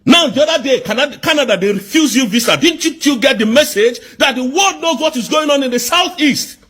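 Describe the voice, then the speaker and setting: A man from southeast Nigeria, delivering an angry political rant full of repeated rhetorical questions and bursts of shouting. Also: extremely high pitch, animated, brisk.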